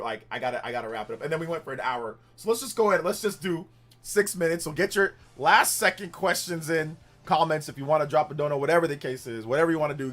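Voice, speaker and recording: On a casual gaming livestream, a male host with a slightly high, somewhat bright voice rambles in repeated phrases. His delivery turns heated and defiant at times.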